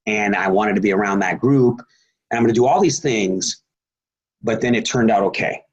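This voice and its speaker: A man's voice: on the low side, normal speed, husky, muffled recording. A middle-aged man giving a motivational team call talk, rambling, with many fillers and repeated words. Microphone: phone or conference line.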